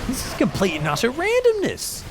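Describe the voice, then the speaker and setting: A man's voice: very high voice, huge pitch swings, fairly quick, very noisy. A man casting a strategy game in casual, sarcastic commentary, rambling into profane jokes. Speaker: game caster.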